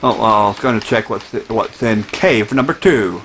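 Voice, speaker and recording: A man's voice: fairly low pitch, moderate pace, a bit bright, a little hiss or hum, low-quality recording. A man chatting casually while playing a video game, rambling with restarts and whiny complaints. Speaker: gamer. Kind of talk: casual gaming chat.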